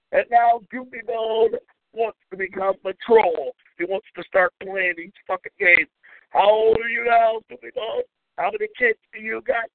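A man with a high-pitched voice and fairly even intonation rants at normal speed on his call-in radio show, angry, profane, and mocking throughout. The audio has no room sound but comes across tinny and phone-like.

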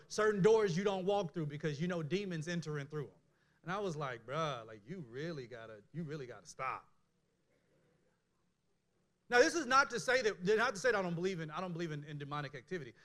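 High-voiced man preaching a casual sermon. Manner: candid and animated, many restarts. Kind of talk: conversational sermon.

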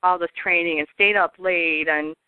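A woman's voice: fairly low pitch, steady tone, moderate pace, clean tone, no echo. Chatty woman over a thin phone line. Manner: chatty, rambling, full of likes. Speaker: call participant. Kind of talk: casual personal sharing. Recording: tinny phone line, dry.

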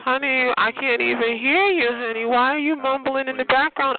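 A man's voice: very high-pitched, moderate pace, hardly any pauses, narrow, tinny audio, crowd noise. A man hosting a phone chat line, roasting a caller in a sassy, theatrical way and calling everyone honey.

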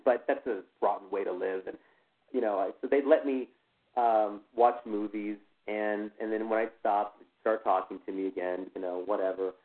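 A man speaking as a guest in an interview, telling a personal account in a halting way, full of "you know" fillers and restarts. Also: fairly low pitch, steady tone. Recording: tinny phone line.

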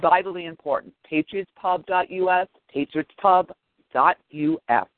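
A man's voice: high voice, moderate pace, no echo. A man co-hosting a history podcast who reads passages aloud and makes rousing, impassioned pleas to his listeners. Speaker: podcast co-host. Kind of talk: reading history and plugging a podcast. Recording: dry, tinny phone line.

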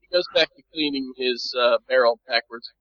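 A man's voice: mid-range voice, normal speed, a bit bright, no echo, highs cut off. A man running a tabletop game as game master, chatting loosely and swearing as he narrates. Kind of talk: casual tabletop game chat.

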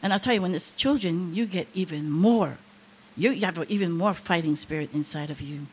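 A woman's voice: fairly low pitch, a little fast, husky. An older woman preaching a sermon, sharing an emotional testimony with rising, impassioned emphasis.

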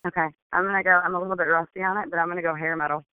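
Laughing, teasing high-voiced man. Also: level tone, rapid-fire, clear, resonant tone, dry recording, phone-quality sound. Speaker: podcast co-host. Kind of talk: casual chat.

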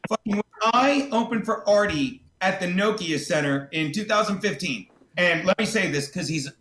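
A man's voice: high voice, expressive, normal speed, a bit bright, roomy sound, slight background noise. A man, a guest comedian, telling rambling, profane stories in a casual podcast chat. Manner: rambling, profane, restarts with fillers.

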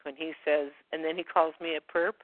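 A woman's voice: sits low, little pitch movement, a little fast, dry recording. A woman hosting a community call, chatting casually and laughing often between remarks. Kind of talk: casual phone chat. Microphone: phone. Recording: thin phone line.

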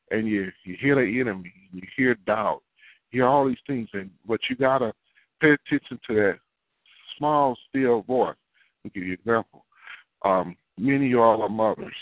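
A man preaching in a loose, conversational way, circling back on his phrases. His voice sits fairly low, and it comes through dry and narrow like a phone line. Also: no room sound. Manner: conversational preaching with repeated phrases and folksy asides. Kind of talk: sermon.

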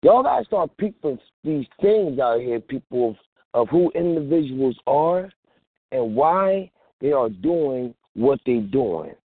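A man's voice: mid-range voice, very animated, slow pace, no room sound. A man hosting a call-in show, preaching in casual street talk and acting out phone calls. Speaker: host. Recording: tinny phone-line sound.

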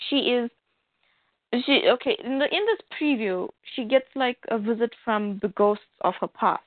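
A woman's voice: on the high side, normal speed, no room sound. A woman co-hosting a casual comic book podcast, talking in an exasperated way and mockingly acting out the characters she complains about. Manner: exasperated, counts aloud, mimics characters mockingly. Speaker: podcast co-host. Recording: dry tinny phone-like sound.

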